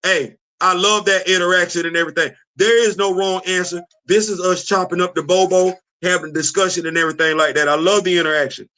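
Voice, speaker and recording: Animated bright-voiced male livestream host. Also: high-pitched, fast talker, few pauses. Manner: animated, laughing often, answering chat. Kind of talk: casual livestream chat.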